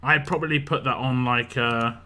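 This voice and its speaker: A British man talks casually on a game stream, rambling through chat questions with lots of fillers and restarts. His mid-range voice is sharp in tone, with fairly even intonation at a normal speed.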